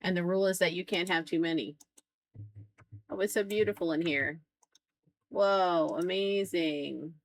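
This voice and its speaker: A woman's voice: on the low side, brisk, long pauses, no room sound. A woman streaming a game live, chatting with her viewers in a playful, teasing way and laughing often. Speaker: streamer playing a farming game.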